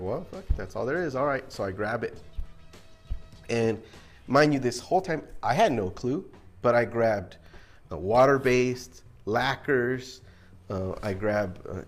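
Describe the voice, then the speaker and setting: A man telling stories in a loose, casual way, animated and liberal with swear words. His voice sits at a middling pitch, and faint music plays underneath. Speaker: guest telling army stories. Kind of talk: casual storytelling.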